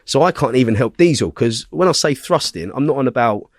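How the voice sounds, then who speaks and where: Casting note: a male podcast guest, mid-pitched and recorded dry and close, telling a story bluntly with constant swearing. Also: lively intonation, a little fast, dry recording.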